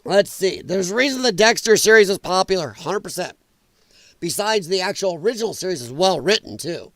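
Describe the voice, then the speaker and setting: A man's voice: high-pitched, lively intonation, fairly quick, no room sound. A man hosting a live political commentary stream, talking bluntly and with profanity, and chatting with viewers. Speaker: livestream host.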